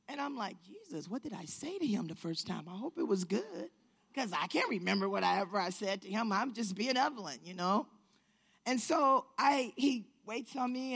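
A woman telling a story to an audience, acting out the people she quotes and rising to shouts at times. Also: medium pitch, gravelly, slightly rough.

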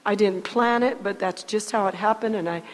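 A woman telling a personal faith testimony in a halting, earnest way, often repeating her words as she goes. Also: medium pitch, in a large hall, rough recording. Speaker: guest sharing testimony.

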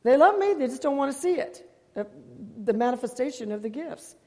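A woman's voice: sits high, lively intonation, brisk, mellow. A woman giving a sermon as a guest preacher, talking emphatically, repeating phrases and throwing rhetorical questions at her congregation. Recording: long hall reverb.

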